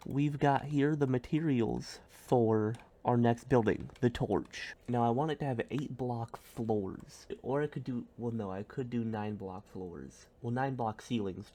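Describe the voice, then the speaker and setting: A man streaming a building game, rambling casually with goofy jokes and sudden silly loud outbursts. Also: mid-range voice, unhurried, few pauses. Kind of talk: casual gameplay commentary.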